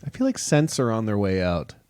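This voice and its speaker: Lively low-voiced man joking around. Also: fairly quick, clean tone. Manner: jokey, animated, riffing. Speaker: podcast co-host. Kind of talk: casual chat.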